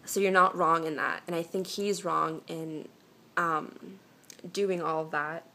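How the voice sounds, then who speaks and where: A woman's voice: sits low, fairly even intonation, measured pace, creaky, sharp tone. A young woman vlogging from home on a phone camera, answering viewer questions with chatty, reassuring relationship advice full of "um"s and restarts. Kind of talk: casual advice chat.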